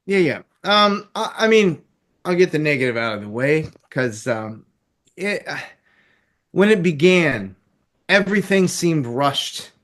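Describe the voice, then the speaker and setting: A male film reviewer with a somewhat high voice, chatting loosely and animatedly. He rambles, chuckles between thoughts and dips into quiet asides. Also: sing-song, measured pace. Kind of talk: casual chat.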